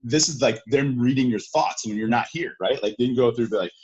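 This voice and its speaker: Male guest, casual energetic talker, a bit husky, lo-fi sound. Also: medium pitch, a little fast. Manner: animated, filler-heavy, acts out quotes. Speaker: sales guest. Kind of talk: casual interview talk. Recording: dull lo-fi sound.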